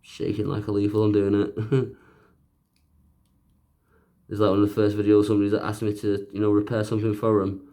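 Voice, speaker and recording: A man with a fairly low voice talks a viewer through fixing a handheld console. He keeps up a loose, joking commentary full of self-mocking asides as he works. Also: completely flat delivery, fairly quick, long pauses, dark tone. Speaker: repair video host. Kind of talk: casual narrated repair tutorial.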